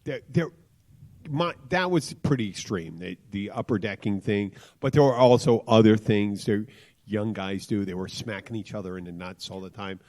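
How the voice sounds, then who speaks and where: A man's voice: lowish voice, normal speed, a little mellow. A man co-hosting a casual talk radio show, telling loose, rambling stories with frequent restarts. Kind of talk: casual chat, storytelling.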